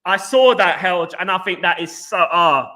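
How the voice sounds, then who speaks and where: A man from England hosting a casual live football fan stream. He gives animated shout-outs to viewers and rambles with frequent restarts. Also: high voice, normal speed. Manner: animated, greets viewers by name with "big up". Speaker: football fan channel host.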